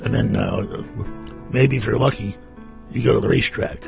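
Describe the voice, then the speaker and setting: A man's voice: fairly low pitch, steady tone, normal speed, gravelly, music in the background. A man hosting a radio show, chatting casually and telling wry, rambling stories into a studio microphone. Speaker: radio host. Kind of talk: casual chat.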